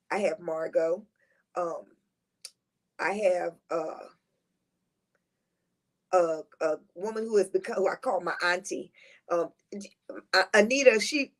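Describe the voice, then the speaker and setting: A middle-aged woman who is a guest on a talk show. She tells heartfelt, rambling personal stories in a lively, positive, high-energy way. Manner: rambling, heartfelt storytelling with restarts. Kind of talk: casual conversational interview.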